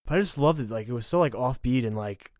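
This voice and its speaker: A man's voice: mid-range voice, expressive, quick pace, darkish tone, no room sound, studio quality. A young man hosting a podcast, chatting casually in an enthusiastic, rambling, self-deprecating way. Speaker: podcast host. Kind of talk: casual chat.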